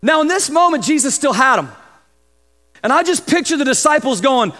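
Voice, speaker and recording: A man preaching a sermon as pastor, lively, acting out the voices of the people he describes. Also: extremely high pitch, a little fast. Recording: long hall reverb.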